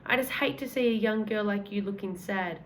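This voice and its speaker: A woman voicing a kindly, gentlemanly old male tramp who talks in a polite, old-fashioned, fatherly way. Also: mid-range voice, fairly quick, close to an everyday voice. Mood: gentle.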